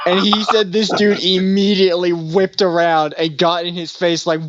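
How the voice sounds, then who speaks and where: A man's voice: sits high, level tone, moderate pace, lo-fi sound, background noise. A young man co-hosting a podcast in casual chat, telling rambling stories full of fillers. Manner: rambling storyteller, many fillers. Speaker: podcast co-host.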